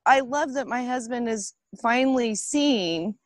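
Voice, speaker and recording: A woman's voice: a little high, a little slow, no echo. A middle-aged woman on a casual panel chat, laughing often and poking fun at herself. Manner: laughs often, lively and self-mocking.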